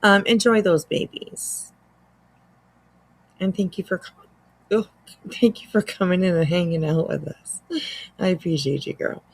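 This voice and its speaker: A woman's voice: lowish voice, normal speed, gravelly, dark tone, breathy edge. A middle-aged woman hosting a casual commentary show, rambling and hedging with lots of fillers while fighting the hiccups. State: has the hiccups. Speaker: commentary host.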